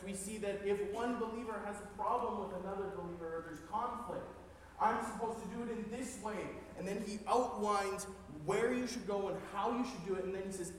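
High-voiced male pastor preaching in a hall. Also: slight background noise. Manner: earnest, building excitement. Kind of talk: sermon. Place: church sanctuary. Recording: roomy hall reverb, faint ambience.

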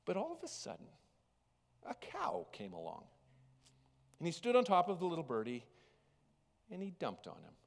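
A man preaching a sermon as pastor, telling a story with big swings between loud and hushed. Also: a little high, wildly swooping pitch, moderate pace, gravelly, pauses often. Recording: long reverb of a large hall.

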